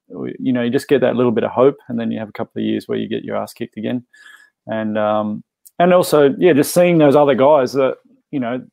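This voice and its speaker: Gravelly man, reflective. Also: mid-range voice, dark tone, no echo. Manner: reflective, thinks aloud with restarts. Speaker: podcast guest, former pro cyclist. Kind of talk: casual chat.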